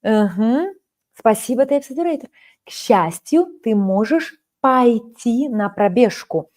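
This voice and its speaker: Reading viewers' chat aloud and shifting between languages, a woman in her forties with a Russian accent runs a live Russian lesson. She comes from Russia's Kaliningrad region and sounds animated, fairly high-pitched and a little mellow, keeping a measured pace.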